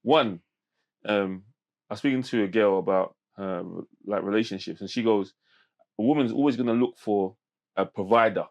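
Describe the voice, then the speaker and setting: A man, a podcast guest telling stories in animated street slang with many restarts. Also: lowish voice, moderate pace, muffled recording. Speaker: podcast guest, men's mental health campaigner. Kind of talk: casual podcast conversation.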